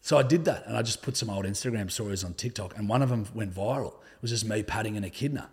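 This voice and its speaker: A man's voice: on the low side, fast talker, slightly rough. A young Australian man telling stories in a casual, laid-back way, swearing often and filling his talk with "like". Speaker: podcast guest. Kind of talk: casual conversational storytelling.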